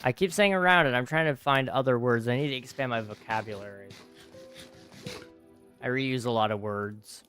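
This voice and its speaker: Faint music plays as a young gaming streamer chats with his viewers at a moderate pace, his mid-range voice a bit bright. Tired and yawning, he rambles casually, reading chat aloud and replying.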